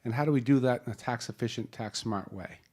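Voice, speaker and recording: A man's voice: mid-range voice, quick pace, darkish tone. A man with a Boston accent moderating a live panel, joking and rambling through introductions with many restarts, speaking into a handheld mic in a conference hall.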